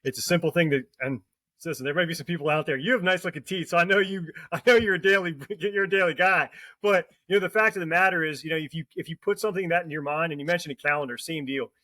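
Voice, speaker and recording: A man's voice: a little high, fast, bright, forceful tone, dry recording, rough recording. A man hosting a podcast interview, chatty and affirming, asking long winding questions. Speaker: podcast host. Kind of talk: interview conversation.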